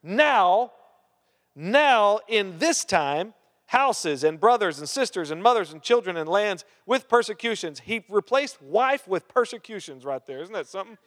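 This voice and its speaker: The pastor's voice sits high and a bit bright, with big pitch swings, normal speed and almost no pauses. He alternates scripture reading with questions and jokes for the congregation, recorded with long hall reverb.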